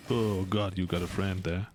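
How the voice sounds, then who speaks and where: A man's voice: sits low, noisy background. A man streaming a video game, rambling casually and chatting with his viewers as he plays. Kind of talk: casual live-stream commentary while gaming.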